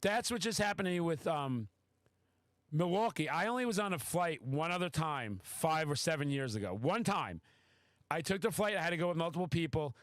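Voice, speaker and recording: A man hosting a podcast, telling a story in casual chat, excitable and swearing freely. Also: fairly high pitch, brisk, no echo. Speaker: podcast host.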